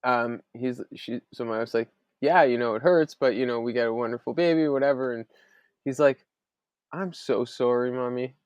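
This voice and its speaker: A man's voice: medium pitch, brisk, no room sound, muffled recording. Casual, chatty man telling stories. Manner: animated storyteller, frequent "like" fillers. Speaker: podcast host. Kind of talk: casual chat.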